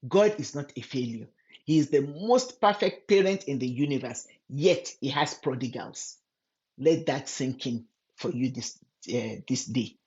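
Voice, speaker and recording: Gentle earnest woman Bible teacher. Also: low voice, muffled recording. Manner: gentle, earnest, speaks directly to the listener as a friend. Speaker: Christian women's ministry teacher.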